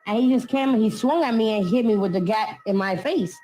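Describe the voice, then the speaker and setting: A woman's voice: on the high side, a little fast, dark tone, faint music behind, poor audio. Blunt New woman telling a story. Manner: slangy, blunt street talk, quotes others. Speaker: documentary interviewee. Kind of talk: casual recounting.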